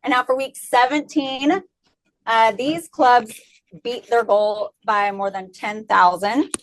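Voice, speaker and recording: A woman reading out team shoutouts in a meeting, bubbly and cheering between each item. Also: on the high side, fairly even intonation, slow, no echo. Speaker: presenter of shoutouts. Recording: noisy call audio.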